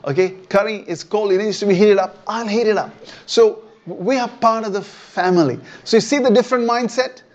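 A man's voice: high-pitched, brisk, highs cut off. A man preaching a sermon in a conversational way, often checking in with his listeners. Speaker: pastor. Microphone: online church stream.

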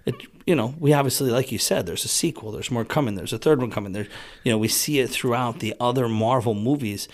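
A man co-hosting a casual podcast, chiming in with relaxed remarks and agreement. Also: mid-range voice, quick pace. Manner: easygoing, chimes in with agreement and short remarks. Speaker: podcast co-host. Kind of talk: casual film discussion podcast.

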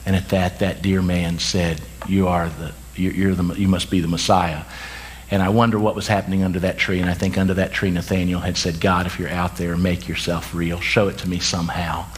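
Tired pastor preaching casually, low voice. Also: male voice, fairly bright tone. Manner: conversational preaching, quick asides and self-corrections. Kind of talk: sermon.

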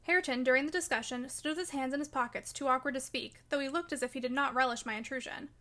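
A woman narrating a classic novel in a measured, expressive way. Her voice is high and bright, with a crisp, forward ring. She reads long sentences clearly and evenly. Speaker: audiobook reader.

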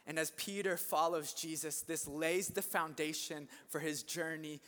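A man preaching an energetic sermon, telling the story with animated delivery that climbs into shouts. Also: on the high side, measured pace. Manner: animated storytelling, acts out voices, rising to shouts. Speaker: pastor. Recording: long hall reverb.

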